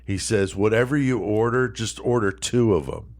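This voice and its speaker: A man's voice: on the low side, moderate pace, darkish tone. A man on a podcast telling a long, profane, laughing anecdote and acting out the quotes. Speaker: podcast co-host. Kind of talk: casual storytelling.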